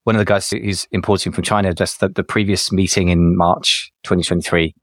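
Fast-talking deep-voiced man. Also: fairly even intonation, no room sound, clean studio sound. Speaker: podcast co-host, business adviser. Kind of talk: casual podcast conversation.

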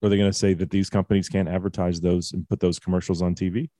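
Deep-voiced blunt man in his forties. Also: flat delivery, fast talker, dark tone, no echo, clean studio sound. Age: 40s. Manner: blunt, opinionated ranting. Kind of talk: casual chat.

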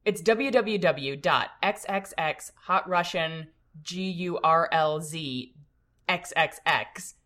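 A woman's voice: on the low side, slow pace, hardly any pauses, fairly bright tone. A young woman co-hosting a casual chat with wry, teasing replies.

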